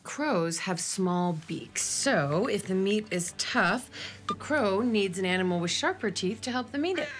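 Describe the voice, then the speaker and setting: A woman voicing a patient mother in a cartoon, gently explaining things. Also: mid-range voice, animated, measured pace, soft background music. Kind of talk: cartoon voice acting.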